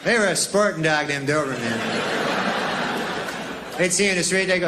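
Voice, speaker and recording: A man doing a stand-up routine in a rambling, deadpan way, padded with "you know". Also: on the high side, moderate pace, heavy background noise. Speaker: stand-up comedian.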